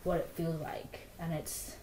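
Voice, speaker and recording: A woman's voice: deep voice, flat delivery, measured pace, mellow, slight background noise. A young woman in casual book review chat, rambling with lots of "like" fillers. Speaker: book vlogger. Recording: echoey room.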